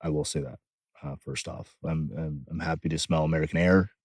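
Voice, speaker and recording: A man's voice: very deep voice, fairly even intonation, a little fast, slightly rough, no room sound. A man who is a firefighter and guest on a podcast, talking in casual conversation, blunt and profane with many filler phrases, outdoors. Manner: blunt, profane, frequent "you know".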